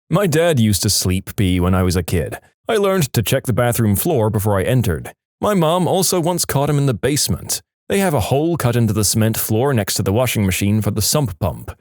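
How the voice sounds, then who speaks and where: Lively man narrating odd stories. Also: mid-range voice, no echo, clean studio sound. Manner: expressive storytelling with playful acted quotes. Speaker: storytelling channel narrator. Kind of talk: reading submitted stories aloud.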